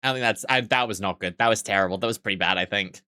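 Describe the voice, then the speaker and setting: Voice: low voice, racing, pushed and bright, no echo, clean studio sound. A streamer chatting casually with viewers, rambling and self-mocking, with frequent swearing.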